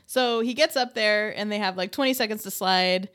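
Woman, podcast co-host, chatty TV recap, mid pitch, jokey asides. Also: normal speed, a bit bright. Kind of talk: casual chat recapping a TV episode.

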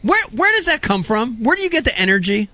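A man hosting a live show, talking in an energetic, excitable way. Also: extremely high pitch, fairly quick. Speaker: show host. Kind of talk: casual live show chat. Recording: slightly dull, lo-fi sound.

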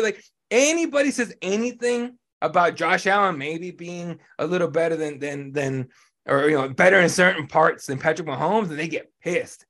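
A man's voice: fairly high pitch, moderate pace, fairly bright tone. A man hosting a sports podcast in casual chat, blunt and profane, ranting with lots of animation. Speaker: podcast host.

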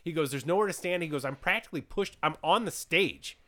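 A podcast host with a slightly high voice speaks a little fast as he retells a story in casual chat. He's an animated storyteller, quoting people with a string of "he goes."

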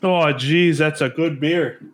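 A man in a prank call, chatting in a folksy, rambling way. His voice sits a bit on the high side, and he keeps tagging "eh" and "I tell you" onto his sentences. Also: slow pace. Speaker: prank caller.

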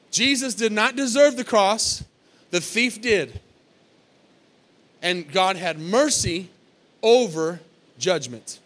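A man's voice: high voice, fairly bright tone. A man preaching a sermon as pastor in a church, repeating phrases and asking the congregation "Amen?".

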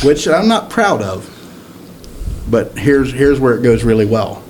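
A man's voice: mid-range voice, big pitch swings, a little slow, background noise. A man co-hosting a podcast, telling crude stories in a casual chat and laughing at his own jokes. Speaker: podcast co-host.

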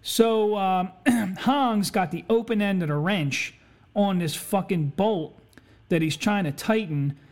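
High-pitched guy casually telling a story, swears nonstop, laid-back and chatty. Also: slow, a little mellow. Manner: profane, swears constantly; laid-back and chatty, full of fillers like "you know". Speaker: podcast host.

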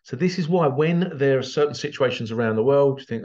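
A man's voice: medium pitch, a little fast, darkish tone, lo-fi sound. A man talking casually to camera in a rambling way, full of sarcastic rhetorical questions. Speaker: vlogger.

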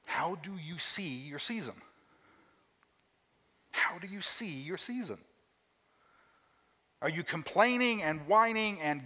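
A man delivering a sermon in a slightly higher-than-usual voice. He preaches emphatically, repeats his key questions, and swings from forceful peaks to hushed endings. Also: animated, a little slow, long pauses. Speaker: pastor. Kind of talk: sermon with closing prayer.

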